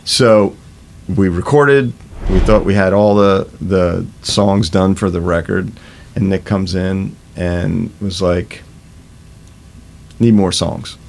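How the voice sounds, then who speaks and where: A man's voice: sits low, steady tone, slow pace, gravelly, a little hiss or hum. A man in his fifties, a rock musician, telling studio stories in a casual interview, swearing freely and acting out what people said. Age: 50s. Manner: swears freely, acts out quoted exchanges.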